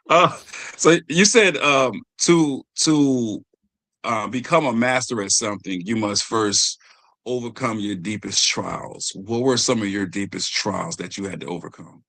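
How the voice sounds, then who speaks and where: A man's voice: fairly low pitch, a little slow, vocal fry, sharp tone, dry recording. A man hosting an interview, asking questions in a hesitant way with fillers. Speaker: interview host. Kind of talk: casual interview talk.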